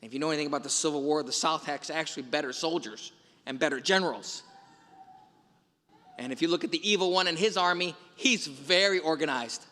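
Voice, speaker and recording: A male priest gives a Sunday homily, retelling film scenes with quoted lines. His voice is high and bright. It carries through a large church with a long reverb. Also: a little fast.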